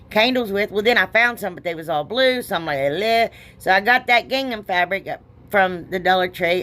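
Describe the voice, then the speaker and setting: A woman's voice: lowish voice, fairly bright tone. Chatty woman crafting on camera. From United States. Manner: chatty, rambling, self-deprecating, laughs often. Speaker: craft vlogger. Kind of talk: casual craft tutorial chat.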